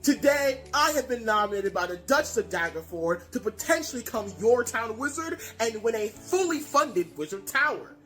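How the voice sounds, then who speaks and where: Woman voicing a smug half-elf archmage lecturing a crowd; high, very lively, stammers when excited. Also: moderate pace, few pauses, faint music behind. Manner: boastful, theatrical, stammers when worked up. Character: pompous greedy male half-elf archmage. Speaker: tabletop game player. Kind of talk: comic in-character campaign speech.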